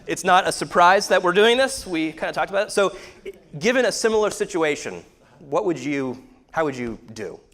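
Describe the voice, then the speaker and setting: A man's voice: high voice, animated, normal speed, a bit bright. A male pastor preaching a sermon, telling a candid, self-deprecating personal story.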